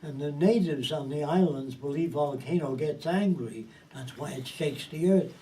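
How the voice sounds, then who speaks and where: A lecturer with a slightly high, warm voice addresses a small group casually, speaking at a moderate pace. He swears freely, stresses his points bluntly, and keeps asking whether they understand. Faint hiss runs under the distant recording.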